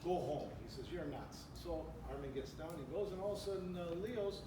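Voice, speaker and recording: A man's voice: a little high, fairly quick, recorded from a distance, background noise. An older man doing stand-up at a club event, telling jokes, laughing at his own punchlines and bantering with the audience. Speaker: stand-up comedian. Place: club function room with a live audience. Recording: echoey room recorded from afar, crowd laughter.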